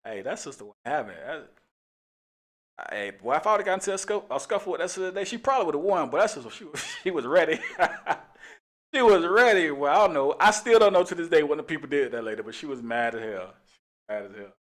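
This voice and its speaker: A man's voice: on the high side, very animated, fast, fairly bright tone. A middle-aged man, a police officer hosting a talk show, telling a casual story in a laid-back way and laughing often.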